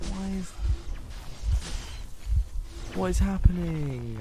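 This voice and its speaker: A man's voice: mid-range voice, animated, measured pace, pauses often, noisy background. A man giving live gameplay commentary who keeps swearing and ranting at the game out of frustration. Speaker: gaming video host.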